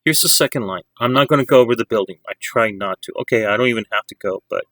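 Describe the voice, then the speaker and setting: Bright-voiced man teaching drawing. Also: fairly low pitch, fast talker, dry recording, poor audio. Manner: chatty step-by-step instructions. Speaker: art teacher. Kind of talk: casual drawing lesson to students.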